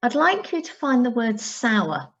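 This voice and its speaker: A woman primary school teacher, giving a recorded reading lesson, sounding out words slowly and carefully for pupils. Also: a little high, very animated, breathy edge, lo-fi sound.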